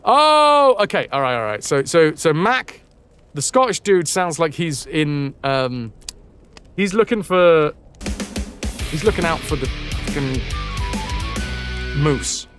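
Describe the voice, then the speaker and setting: A man's voice: a little high, big pitch swings, slow, long pauses, fairly bright tone, soft background music. Man reading old stories aloud on a stream. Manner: stumbling over words, breaks off for joking asides; casual, swears now and then.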